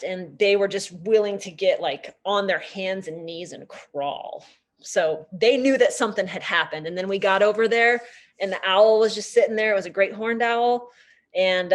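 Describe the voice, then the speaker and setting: Animated woman telling a nature story. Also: medium pitch. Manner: animated, chatty, many fillers. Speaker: nature educator. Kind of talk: storytelling lecture.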